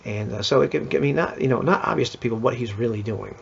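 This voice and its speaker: A man's voice: mid-range voice, quick pace, gravelly, husky. A man casually recapping a tabletop game session, rambling with many restarts. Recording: dull lo-fi recording.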